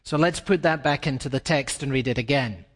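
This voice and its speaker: A male pastor preaching a sermon in a large hall, expressive and climbing to emphatic peaks. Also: medium pitch, a little fast. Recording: reverberant hall.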